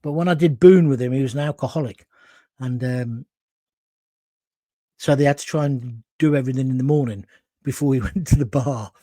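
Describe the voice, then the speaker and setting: A man's voice: medium pitch, normal speed, long pauses, mellow, no room sound, clean studio sound. Chatty man telling rambling anecdotes. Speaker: talk show host. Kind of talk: live show reading viewer comments.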